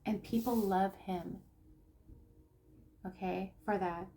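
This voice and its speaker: A woman talking casually to camera as a spiritual coach and tarot reader. She speaks haltingly, with many restarts and fillers, and lets phrase endings sink to a low murmur. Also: steady tone, warm tone, a little hiss or hum.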